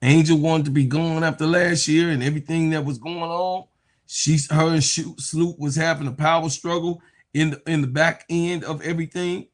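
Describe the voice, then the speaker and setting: A man talks through a sports reaction video in a casual, slangy way. His voice sits a little high, and he turns mocking and animated as he acts out what others said. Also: normal speed. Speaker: sports commentator.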